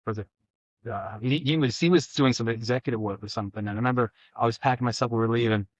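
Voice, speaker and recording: Fast-talking man telling animated stories. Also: mid-range voice, no room sound, highs cut off. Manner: animated anecdotes with acted-out quotes. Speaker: chiropractor guest. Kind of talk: casual storytelling.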